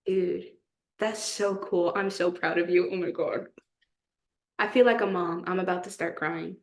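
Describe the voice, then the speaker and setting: A young woman from Texas co-hosting a casual chat podcast, bubbly and quick to laugh, gushing over her friend. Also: lowish voice, fairly even intonation. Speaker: podcast co-host.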